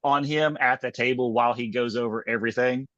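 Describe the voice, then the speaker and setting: A man co-hosting a podcast in casual chat, retelling scenes in a rambling, animated way with lots of "like"s. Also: medium pitch, a little fast, dry recording. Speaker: podcast co-host. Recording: dull lo-fi sound.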